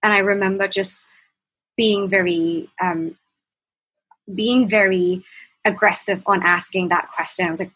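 A young woman, a podcast guest, telling a candid personal story in a halting way, with restarts and fillers. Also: mid-range voice, steady tone, a bit bright, husky, rough recording. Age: young adult.

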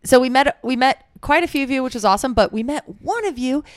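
A woman's voice: sits high, animated, quick pace, dry recording, studio quality. A woman co-hosting a casual podcast chat, a playful and teasing storyteller who retells moments with animation. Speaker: podcast co-host.

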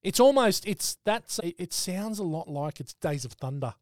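A man hosts a casual film podcast in a fairly high voice. He talks bluntly and swears freely. The sound is dry and close. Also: lively intonation, moderate pace, darkish tone, dry recording. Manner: blunt, sweary, leads the segments. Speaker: podcast host.

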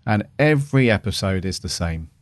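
A man's voice: on the low side, animated, moderate pace, dry recording, clean studio sound, soft background music. A man co-hosting a podcast, talking casually and rambling with many "you know"s. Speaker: podcast co-host. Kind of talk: casual review chat.

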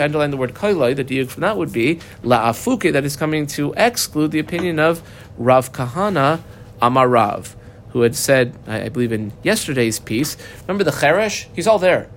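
A man's voice: mid-range voice, a little hiss or hum. A man teaching a daily Talmud class, reading Aramaic phrases and explaining them in English. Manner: explains Aramaic text line by line in English, fast with fillers.

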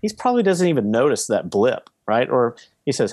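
A man's voice: medium pitch, big pitch swings, brisk, a little mellow, dry recording, clean studio sound. A man on a podcast explaining his real estate investing in a casual, example-filled way.

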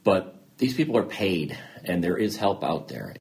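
Deep-voiced man telling a candid personal story. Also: very animated, normal speed, vocal fry, darkish tone. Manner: earnest, self-deprecating, acts out quoted dialogue. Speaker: interview guest.

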